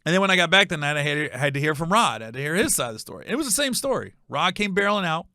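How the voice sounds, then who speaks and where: A middle-aged man tells a story in casual, animated bursts as a podcast host. His voice is bright and a little high. It sounds close and dry, with no room around it. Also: racing, dry recording. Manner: animated, acts out voices with high shouts, laughs at own story.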